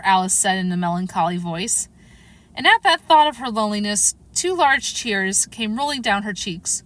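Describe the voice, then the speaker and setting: A woman narrating a children's storybook aloud in a gentle, even storytelling manner. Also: medium pitch, moderate pace, dry recording.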